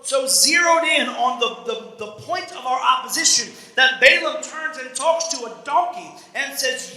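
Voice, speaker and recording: A man preaching a sermon as pastor, animated, swinging from shouts to hushed asides. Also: very high-pitched, a little slow, few pauses. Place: church sanctuary. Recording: echoey church hall.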